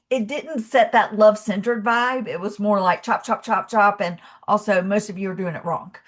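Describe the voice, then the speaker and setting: A middle-aged woman hosting her own channel, telling a personal story in a heartfelt, conversational way, with many fillers, and closing with an earnest, inspirational call to her viewers. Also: mid-range voice. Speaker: channel host.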